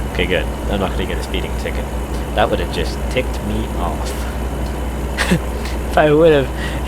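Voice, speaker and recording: A Canadian man with a Canadian accent giving rambling, chatty commentary while playing a truck driving game, with lots of fillers and restarts. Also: fairly low pitch. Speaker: gaming channel host. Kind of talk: casual gameplay commentary. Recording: game engine noise behind voice. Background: truck engine and traffic sounds from the game.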